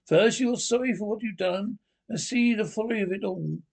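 A man's voice: high-pitched, normal speed, gravelly, darkish tone, voice pushed up. Stern old badger, voiced by a man. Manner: lecturing, firm. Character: stern elderly male badger, grave and commanding.

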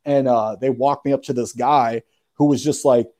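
Male guest, mellow dark tone, laid-back slangy storyteller, swears freely. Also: medium pitch, fairly even intonation, normal speed. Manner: slangy, profane, keeps saying "bro". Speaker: podcast guest. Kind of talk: casual storytelling.

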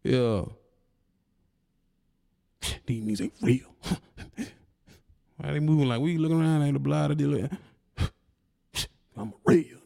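A man's voice: a little high, slow, vocal fry, long pauses, warm tone. A man on a video channel ranting at a rival, taunting and confrontational, with mocking laughs. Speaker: YouTuber. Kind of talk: heated rant at a rival.

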